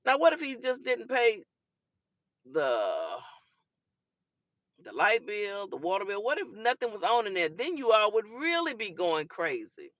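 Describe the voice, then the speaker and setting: Bright, teasing woman livestream host. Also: medium pitch, a little slow, dry recording, studio quality. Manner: teasing, animated, laughs often. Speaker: talk show host. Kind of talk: casual livestream chat, answering commenters.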